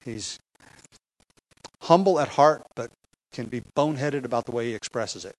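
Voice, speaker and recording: A man's voice: mid-range voice, animated, moderate pace, poor audio. A man preaching an expository sermon, explaining a text with emphasis, occasional fillers and light chuckles.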